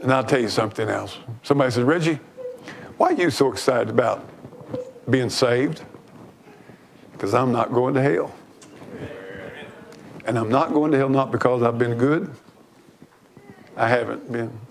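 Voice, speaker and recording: A fervent man preaches a sermon with a gravelly, fry-edged voice at a middling pitch. He drives his points home by repeating phrases. A faint hiss of noise sits under the church recording. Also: normal speed, pauses often. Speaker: pastor.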